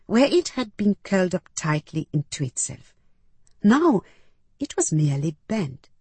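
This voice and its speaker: Slow, husky-voiced woman narrating. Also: lowish voice, sing-song, a little mellow, dry recording. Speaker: audiobook narrator. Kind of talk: first-person audiobook narration.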